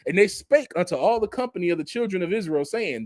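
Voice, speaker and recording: High-voiced man preaching casually. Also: fast, hardly any pauses, no room sound, studio quality. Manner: casual, animated preaching with Southern Black vernacular and laughs. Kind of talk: sermon with scripture reading.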